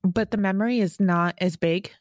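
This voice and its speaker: A woman co-hosting a podcast in casual chat, talkative and quick to laugh at herself. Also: medium pitch. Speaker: podcast co-host.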